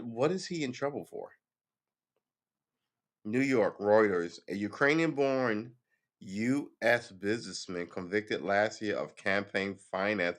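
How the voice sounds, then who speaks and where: Wry, low-voiced man musing on headlines. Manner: sarcastic, offhand, thinks aloud. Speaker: commentator reading news headlines. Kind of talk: casual live-stream commentary.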